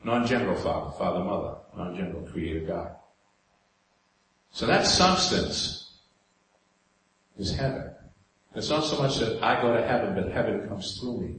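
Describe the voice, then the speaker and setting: A man's voice: lowish voice, animated, normal speed, pauses often, a bit bright. A man with a New York accent preaching a sermon in a conversational way, putting rhetorical questions to the congregation. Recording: very echoey hall, faint room noise.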